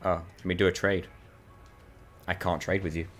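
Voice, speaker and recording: A man with a low, deep voice chats casually with a friend while they play a co-op video game. He tells stories with animated energy and breaks into laughter often. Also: moderate pace, soft background music. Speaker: co-op gaming channel host.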